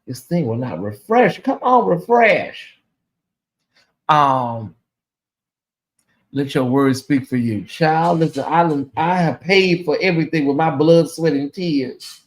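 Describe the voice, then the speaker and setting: High-voiced man hosting a late-night livestream. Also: lively intonation, slow. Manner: chatty, emotional, thanking donors by name. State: sleepy. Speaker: livestream host. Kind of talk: casual livestream chat.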